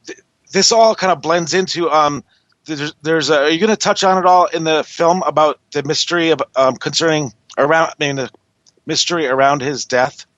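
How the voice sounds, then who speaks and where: A man's voice: a little high, normal speed, a bit bright, no echo, lo-fi sound. A man hosting a podcast, chatting casually and asking his guests questions. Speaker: podcast host. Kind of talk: casual interview chat.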